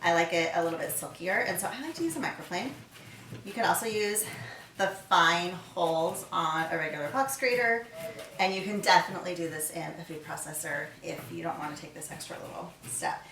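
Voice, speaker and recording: A woman's voice: on the low side, fairly quick, fairly bright tone. A middle-aged woman chef hosting a casual cooking video in her home kitchen, chatting and talking herself through each step as she works. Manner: chatty, talks to herself while working. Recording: echoey kitchen from far off, clattering dishes. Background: clinking cutlery, pots and pans.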